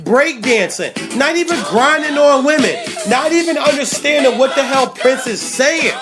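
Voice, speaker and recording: A man in his forties hosting a sports talk show from a studio, hyped and animated, hoarse from laryngitis. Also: very high voice, normal speed. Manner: hyped, animated, laughing, sings along. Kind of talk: casual livestream chat. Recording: music playing loudly behind. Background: music playing.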